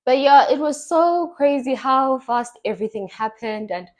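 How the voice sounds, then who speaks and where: Her voice is high-pitched with lively intonation, delivered at a normal speed. She's a young podcast host from South Africa who chats casually while telling stories, performing the voices of anyone she quotes.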